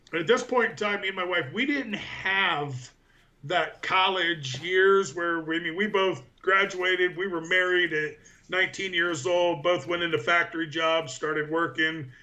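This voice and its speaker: A man's voice: a little high, bright, forceful tone. A man in his forties, a powerlifter guest, telling long rambling anecdotes in a casual interview, full of fillers.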